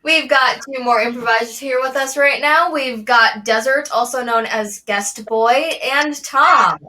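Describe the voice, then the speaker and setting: Bright, high-voiced female improv host. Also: unhurried, distant mic. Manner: upbeat, chatty hosting. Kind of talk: hosting an online improv show. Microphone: video call.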